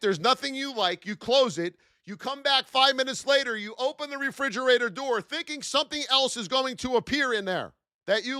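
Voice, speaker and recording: A man hosting a live-stream trading lesson, animated and full of rhetorical questions, shouting out his viewers. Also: extremely high pitch, dry recording, clean studio sound.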